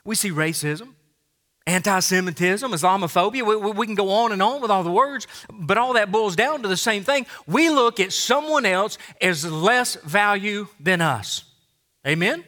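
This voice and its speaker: Earnest high-voiced man preaching. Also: expressive, normal speed, pushed and bright. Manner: earnest, repeats words often when building a point. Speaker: pastor. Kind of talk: sermon.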